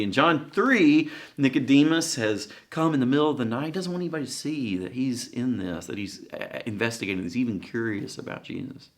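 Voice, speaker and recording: A man preaching a sermon in a conversational, halting way, with frequent fillers and restarts. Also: medium pitch.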